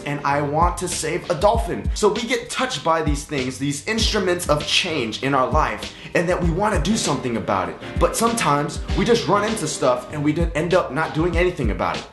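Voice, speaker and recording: A man's voice: on the high side, big pitch swings, moderate pace, few pauses. A young man giving a casual, goofy Bible lesson, full of sound effects and silly voices. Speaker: youth Bible teacher. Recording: echoey room with faint music.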